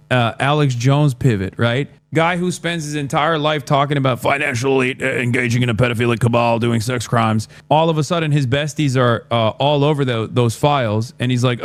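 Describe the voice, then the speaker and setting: A man's voice: mid-range voice, normal speed, no room sound. A man doing livestream commentary, blunt and sarcastic, often swearing. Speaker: streamer.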